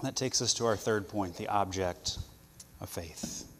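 A man preaching a sermon to students, earnest, with loud stresses and soft asides. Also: lowish voice, a little slow, big-room sound, slight background noise.

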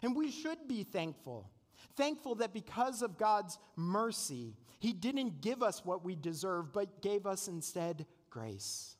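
A man delivers a sermon in a high voice full of expressive rises and falls. He sounds earnest and conversational, often putting rhetorical questions to his listeners. His words carry a long reverb from a large church sanctuary. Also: slow pace. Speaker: pastor.

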